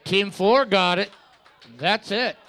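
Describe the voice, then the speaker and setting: A man's voice: high-pitched, takes it slowly, a bit bright, some chatter behind. A man co-hosting live trivia, trading dry, crude jokes with the host. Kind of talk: joking banter.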